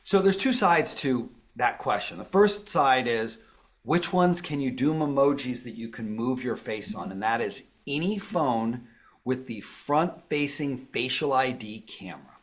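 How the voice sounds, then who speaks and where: A man's voice: mid-range voice, animated, measured pace. Upbeat man explaining a tech demo. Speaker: tech presenter. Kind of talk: live software tutorial.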